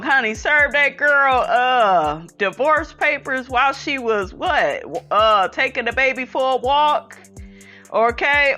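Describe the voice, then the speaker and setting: A woman's voice: sits high, sharp tone. A woman in a casual gossip chat who reads out viewer comments and keeps calling her listeners honey and child.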